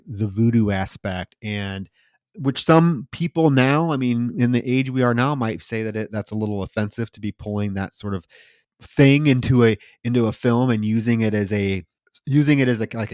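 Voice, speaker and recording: A man co-hosting a movie podcast, ranting in a profane, animated way as he recaps a film. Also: mid-range voice, dry recording, clean studio sound. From lived in Houston for years. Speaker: podcast co-host. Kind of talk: casual movie review chat.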